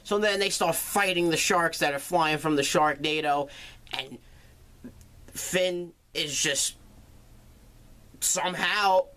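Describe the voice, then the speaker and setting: Dude recapping a movie plot, sarcastic and sweary, casual chat. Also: male voice, on the high side, takes it slowly, pauses often, sharp tone, clean tone. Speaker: movie reviewer.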